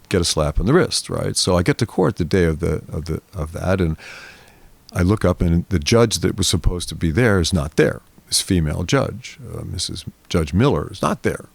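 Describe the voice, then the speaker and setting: A deep-voiced man in his seventies spins a long, rambling story in an interview, acting out the people in it. His voice is gravelly, and it sits close to a dry mic. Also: no room sound. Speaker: interview guest. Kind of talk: storytelling in a conversation.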